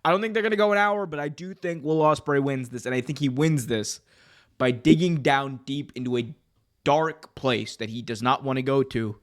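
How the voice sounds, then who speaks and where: A man co-hosting a casual wrestling preview podcast, animated and jokey. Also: mid-range voice, moderate pace. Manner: animated, jokey, puts on mock accents. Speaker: podcast co-host.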